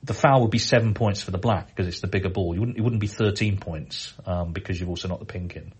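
A middle-aged man hosting a podcast, reading out listener emails in a relaxed, chatty way with frequent hesitations. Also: deep voice, quick pace, breathy edge. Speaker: podcast host.

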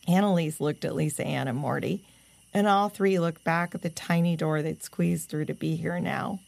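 A woman narrating a children's storybook in a gentle, expressive way. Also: sits low, normal speed, gravelly. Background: music.

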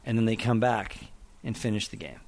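A middle-aged screenwriter and director from Oklahoma, USA talks casually in an interview, speaking briskly in a lowish voice. He's an animated storyteller who acts out the people he quotes and laughs often.

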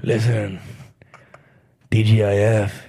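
A man putting on a leering middle-aged dad, low and sly. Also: flat delivery, slow, creaky, mellow, a little hiss or hum.

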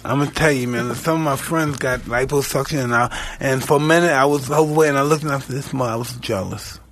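A man in his fifties hosting a casual talk show, swearing constantly and swinging from low mutters to loud outbursts. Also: fast talker, slight background noise. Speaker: podcast host. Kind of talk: casual profane chat.

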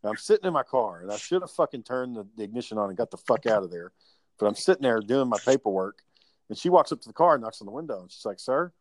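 A man telling work stories in casual chat, animated and profane, acting out the people he quotes. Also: on the low side, quick pace, a little hiss or hum.

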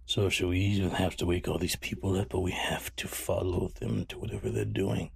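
Gravelly low-voiced man playing a game. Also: fairly quick. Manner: deliberating, hesitant. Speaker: player. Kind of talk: casual tabletop play.

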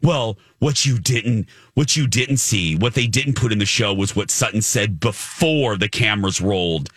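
A man's voice: normal speed, breathy edge, no echo, clean studio sound. A man co-hosting a casual chat, retelling scenes and acting out quotes with big jumps in his voice. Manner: animated, acts out quotes with big pitch jumps. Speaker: co-host. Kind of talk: casual gossip chat about reality TV.

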